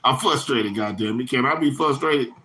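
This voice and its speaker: A man chatting on his own livestream, talking straight to viewers and reading out their comments. His speech is loose and slangy, swearing freely and wandering from point to point. His voice sits at an ordinary middle pitch for a man. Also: moderate pace, sharp tone, slight background noise. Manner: rambling, profane, slangy, answers chat comments by name. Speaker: livestream host. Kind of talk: casual livestream chat with viewers.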